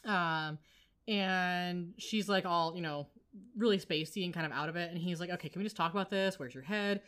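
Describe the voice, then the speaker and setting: A woman's voice: lowish voice, moderate pace, a bit bright. A woman co-hosting a podcast, recapping a TV episode in casual chat and arguing her points firmly. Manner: opinionated, argues and retells scenes. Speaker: podcast co-host.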